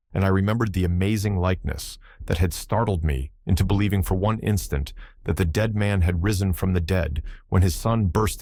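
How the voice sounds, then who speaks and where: Deep-voiced male audiobook narrator. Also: a little mellow, no room sound. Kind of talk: scripted narration.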